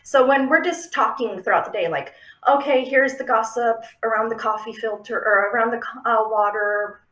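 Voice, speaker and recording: A woman's voice: on the high side, moderate pace, a bit bright. A woman giving a casual, chatty how-to talk on affirmations, often checking in with the listener. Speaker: affirmation practice teacher. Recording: roomy, echoey room.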